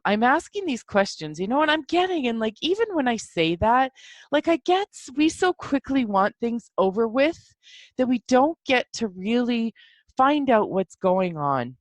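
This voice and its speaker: A woman's voice: mid-range voice, no room sound. Chatty woman hosting a self-help podcast. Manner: chatty, rambling with many fillers; warm encouraging self-help tone. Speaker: podcast host. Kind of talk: casual solo talk.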